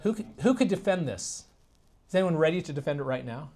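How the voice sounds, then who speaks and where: A man delivering a keynote address in a convention meeting room, with a voice on the higher side for a man. He is combative and sarcastic, often quizzing the crowd. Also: lively intonation, a little fast, a little mellow. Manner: combative, sarcastic, asks the audience questions. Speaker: keynote speaker. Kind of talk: political keynote speech.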